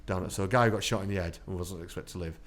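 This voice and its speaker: A man's voice: sits low, very fast. A man, an army veteran guest telling chatty anecdotes in an interview and laughing through his stories. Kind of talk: casual storytelling interview.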